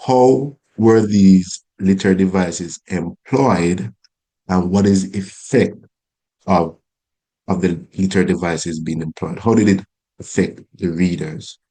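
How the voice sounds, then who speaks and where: A man's voice: sits low, unhurried, dark tone, husky, rough recording. A man teaching English, walking through analysis points with rhetorical questions and frequent restarts. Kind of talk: instructional talk.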